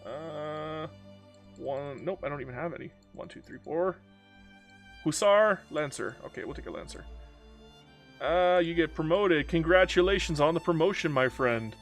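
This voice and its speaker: A man's voice: fairly high pitch, expressive, normal speed, soft background music. A man giving casual, joking commentary while playing a strategy game, talking back to the game. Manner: playful, joking, talks to the game.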